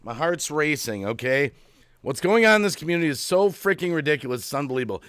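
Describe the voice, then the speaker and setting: An agitated man rants on his live stream, his voice sitting a little high for a man. He repeats himself and swings from low mutters to loud outbursts. The sound is dry and close, with no room in it. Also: lively intonation, fast, smooth, dry recording. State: agitated, heart racing. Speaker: YouTube channel host. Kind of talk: emotional live-stream rant.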